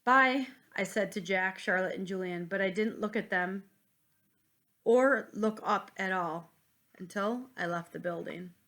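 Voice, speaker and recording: A woman reading a children's novel aloud at home, pausing to comment gently for young listeners. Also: medium pitch, fairly even intonation. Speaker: reader. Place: at home, with a pet dog nearby.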